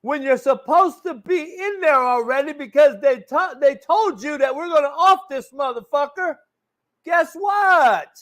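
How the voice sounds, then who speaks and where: A man's voice: extremely high pitch, unhurried, fairly bright tone. A man hosting a sports talk show, ranting in a brash, mocking way and swearing constantly. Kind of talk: profane casual rant.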